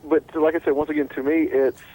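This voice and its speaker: A man's voice: on the high side, fast, low-quality recording. A man hosting a casual sports radio talk show, rambling and full of restarts. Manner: animated and rambling, with many restarts.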